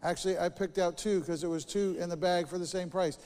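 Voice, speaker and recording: A pastor preaching in a church, spinning chatty, animated stories from his week. His voice sits high for a man. The sound carries the long reverb of a church hall. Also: fairly quick. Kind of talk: sermon with personal stories.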